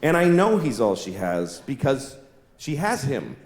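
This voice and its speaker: A middle-aged man doing a stand-up routine, telling stories in an animated, exasperated way with plenty of cursing. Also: mid-range voice, unhurried, reverberant, slight background noise. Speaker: stand-up comedian.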